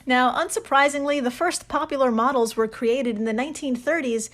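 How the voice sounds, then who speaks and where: A woman's voice: high voice, a little fast, fairly bright tone. Laughing woman co-host, casual swearing. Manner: laughing, swears casually, presents researched facts. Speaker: podcast co-host. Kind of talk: casual chat.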